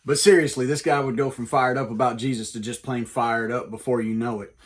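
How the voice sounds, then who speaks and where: A man's voice: mid-range voice, steady tone, a little fast, a little hiss or hum. A man hosting a comedic Bible lesson, telling the story in a jokey, casual, wisecracking way. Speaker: comedic preacher, host.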